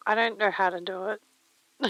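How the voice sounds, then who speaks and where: A woman's voice: medium pitch, steady tone, normal speed, a bit bright, no echo, rough recording. A woman livestreaming casually from home, thinking aloud in a playful, rambling way while she mends a pillow and chats. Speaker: livestream host. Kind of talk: casual chat while crafting.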